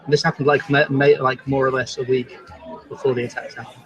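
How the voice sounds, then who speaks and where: A man's voice: mid-range voice, little pitch movement, fast talker, a crowd in the background, low-quality recording. A man telling a story in a casual pub chat, rambling and unsure of details. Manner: rambling, full of fillers and restarts. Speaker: guest.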